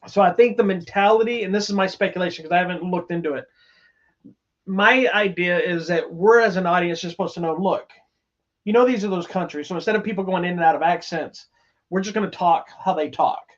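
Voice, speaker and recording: His voice sits high and he talks fairly quickly as he co-hosts a podcast reviewing movies. The chat is casual and enthusiastic, with rambling and restarts, captured in slightly dull lo-fi sound.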